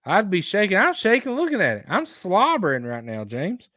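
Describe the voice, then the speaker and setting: Guy hosting a hunting live stream, rambly and excitable, dry close mic. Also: sits high, moderate pace, no room sound. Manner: excitable, rambling, reacts loudly to viewer photos. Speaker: outdoors show host. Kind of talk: casual live-stream chat.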